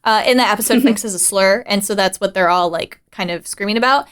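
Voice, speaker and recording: A woman co-hosting a podcast in casual chat, animated and rambling, swearing casually and laughing often. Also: mid-range voice, fast, smooth. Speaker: podcast co-host.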